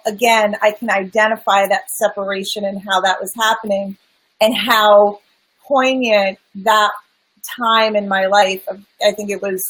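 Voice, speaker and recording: A woman's voice: medium pitch, fairly bright tone, rough recording. A woman guest, a spiritual life coach, candidly telling her personal story in an earnest, emphatic way. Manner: earnest, emphatic, sometimes swears.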